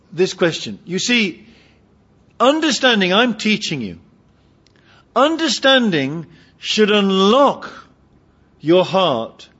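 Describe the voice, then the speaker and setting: A man preaching a sermon, climbing to loud emphatic peaks and dropping to quiet, low asides. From Britain. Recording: dull lo-fi sermon recording.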